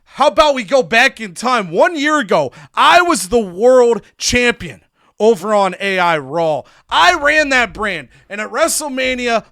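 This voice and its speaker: A man voicing a bitter, boastful veteran male wrestler delivering a loud promo. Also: very high-pitched, no echo, clean studio sound, voice pushed up, heavily acted.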